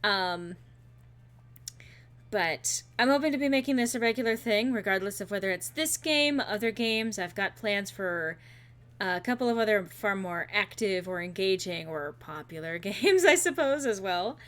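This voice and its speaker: A woman's voice: mid-range voice, lively intonation, normal speed, a bit bright. A woman streaming a game and chatting casually with a co-host and viewers, playful and full of fillers.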